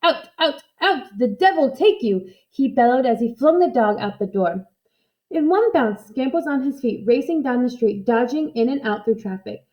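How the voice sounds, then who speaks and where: A woman reading a children's book aloud in a lively, expressive storytelling manner. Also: on the high side, moderate pace, lo-fi sound.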